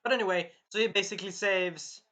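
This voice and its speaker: A man's voice: high voice, fairly quick, bright, forceful tone. A man reviewing an anime episode in a casual, rambling recap full of fillers, sounding a bit tired. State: tired, clearing his throat.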